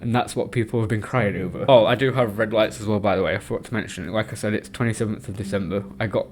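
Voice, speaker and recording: A man's voice: on the low side, fairly even intonation, fast talker, a little hiss or hum. A young man vlogging casually about a book, rambling and emotional, with nervous laughs. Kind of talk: casual reading vlog.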